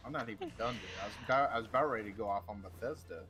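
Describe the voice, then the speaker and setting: A man's voice: fairly low pitch, rapid-fire, fairly bright tone, breathy edge, soft background music. A young man co-hosting a casual gaming chat, joking and swearing. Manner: joking, swears, calls people dude. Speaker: co-host.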